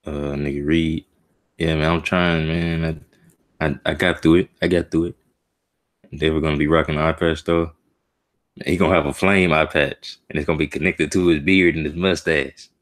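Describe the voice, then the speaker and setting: A man with an extremely deep, low voice gives an emotional, slang-heavy live reaction as he reads through a comic chapter. He mutters his thoughts to himself in a loose, casual way. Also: level tone, normal speed. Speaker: streamer reacting to a manga chapter.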